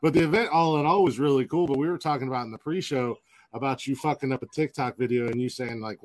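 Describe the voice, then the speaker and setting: A man's voice: mid-range voice, fast, no room sound, poor audio. A man co-hosting a podcast, telling a story in a rambling, casual way and acting out the lines of the people in it. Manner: rambling, many fillers and restarts, acts out quoted dialogue. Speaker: podcast co-host.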